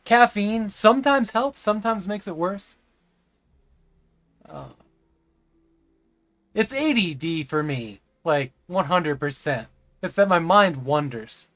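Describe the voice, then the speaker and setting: A man's voice: high-pitched, animated, slow, pauses often, a bit bright, no room sound. Man, live game streamer, rambling chat with viewers, occasional stammer, dry sound. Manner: occasionally stammers over words.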